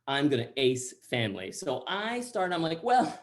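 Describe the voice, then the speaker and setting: A man's voice: medium pitch, moderate pace. A man from Central Texas telling a funny personal story over a video call, chatty and full of asides. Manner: animated, chatty, many likes and asides.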